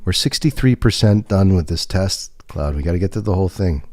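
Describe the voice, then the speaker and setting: A man's voice: low-pitched, animated, fairly quick, darkish tone, dry recording. A man livestreaming from his home desk into a desk microphone, chatting playfully and fondly to his cat. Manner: playful, fond, teasing the cat. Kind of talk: casual chat to his cat.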